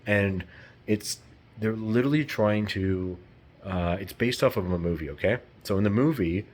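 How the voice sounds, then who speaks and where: A man's voice: lowish voice, normal speed. A man talking in a rambling, heated, profane unscripted monologue.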